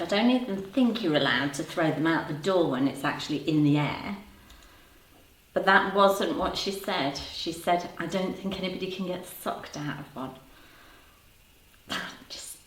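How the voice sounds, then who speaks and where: A woman's voice: low voice, moderate pace, a bit bright. A woman in her fifties hosting a casual livestream, chatting and teasing viewers in the chat. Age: 50s. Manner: chatty, teasing, laughs often. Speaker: livestream host reading chat. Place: home room. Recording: roomy sound, voice a bit far from the mic.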